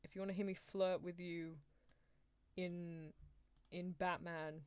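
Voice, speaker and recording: A young British woman streaming a visual novel, chatting playfully, laughing a lot and reading story passages in a hushed voice. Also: on the low side, flat delivery, slow, clear, resonant tone, no echo. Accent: British English. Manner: giggly, playful, reads narration in a hushed voice. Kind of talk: casual let's-play chat and reading aloud.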